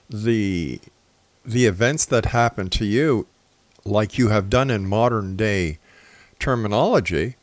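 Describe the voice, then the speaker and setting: A man hosting a talk show, asking measured questions and laying out long explanatory theories. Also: medium pitch, no room sound. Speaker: radio talk show host. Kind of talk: interview questions and commentary.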